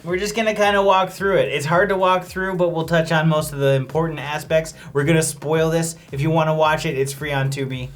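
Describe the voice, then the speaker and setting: Man, higher voice, sarcastic casual review chat, faint music behind. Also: fairly even intonation, a little fast, few pauses. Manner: sarcastic, joking. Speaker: movie review host.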